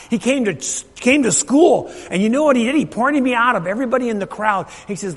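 A man preaching a sermon to a congregation, swinging between loud emphatic passages and hushed near-whispers, asking the crowd questions and repeating his phrases. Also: extremely high pitch, animated, brisk, few pauses, slightly rough. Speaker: pastor. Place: church sanctuary. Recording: reverberant church hall.

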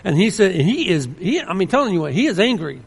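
A man's voice: high-pitched, sing-song, fast talker, creaky, husky. A man preaching a sermon, earnest and emphatic, often restarting his sentences. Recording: long hall reverb.

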